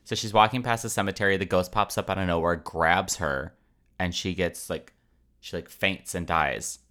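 A young man hosting a podcast, telling a folklore story in a relaxed, jokey way with casual asides. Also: low-pitched, moderate pace. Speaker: podcast host.

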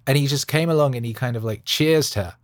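A man in his young adult years hosts his own podcast, riffing through a loose, jokey monologue packed with slang. His voice sits at an ordinary pitch for a man. The sound is dry and close, with no room around it. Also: fairly quick, no echo. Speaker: podcast host. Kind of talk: casual rambling monologue. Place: Los Angeles studio.

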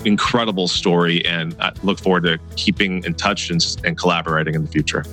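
A man hosting a podcast, asking questions in a halting way with many fillers and restarts. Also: sits low, fairly even intonation, sharp tone, faint music behind. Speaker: podcast host. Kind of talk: hosted interview and outro.

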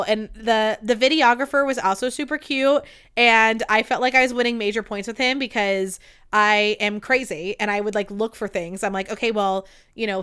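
A young woman hosts her own podcast in a casual storytelling monologue. Her voice sits a little high and sounds clean and smooth. She gushes, swears without a second thought, mocks herself, and scatters "like" through every sentence. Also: a bit bright. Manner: gushing, profane, self-mocking, many "like" fillers. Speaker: podcast host.

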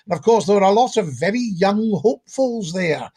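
A man's voice: sits high, animated, a little fast, warm tone, husky. An older man from Scotland, a guest on a podcast, telling comic stories with a theatrical, jokey manner. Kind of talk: comic storytelling chat.

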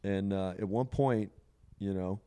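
A man with a smooth, clean voice that sits a little low, telling a long personal story at an easy conversational pace. He rambles, leans on "you know" and laughs along the way. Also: measured pace, mellow. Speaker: podcast guest sharing a psilocybin experience.

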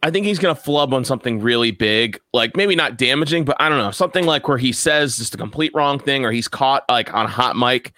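Bright, smooth-voiced man chatting. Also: mid-range voice, brisk, few pauses. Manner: chatty, profane, speculating. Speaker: podcast co-host. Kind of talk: casual chat.

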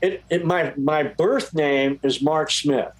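A man's voice: a little high, slow, rough recording. A man telling a long story as a guest, rambling and restarting his sentences. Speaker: guest musician. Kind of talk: casual storytelling.

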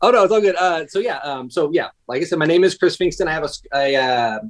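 A man's voice: a little high, lively intonation, fast talker. A man in his thirties, a paramedic guest on a podcast, chatting casually in a rambling, self-interrupting way. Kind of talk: casual conversation.

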